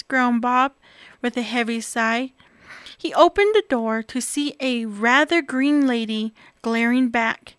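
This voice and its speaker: High, bright woman reading a storybook aloud. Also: slow pace, clear, resonant tone, dry recording, clean studio sound. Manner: expressive, animated reading. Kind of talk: reading a picture book aloud.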